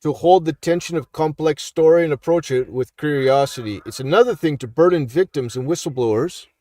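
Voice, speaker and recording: A middle-aged man with a slightly high voice talks through posts in a loose, preachy commentary. He keeps checking in with his listeners. The sound is dry and close, with little room in it. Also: fairly quick, warm tone, dry recording. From Canada. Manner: preachy, repeats "all right?" for emphasis. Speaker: street minister and YouTube commentator. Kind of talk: casual live commentary reading online posts.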